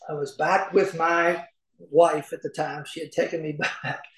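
A man's voice: on the high side, level tone, unhurried. A middle-aged man from Kentucky telling personal recovery stories in a folksy way, acting out the voices in them. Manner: folksy storyteller, acts out voices, chuckles often. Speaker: speaker at a recovery meeting. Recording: echoey room.

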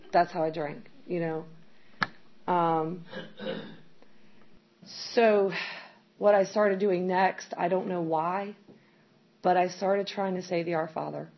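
A woman's voice: fairly low pitch, creaky. A middle-aged woman candidly telling her recovery story as personal testimony, rambling with many fillers. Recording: dull lo-fi sound with faint background noise.

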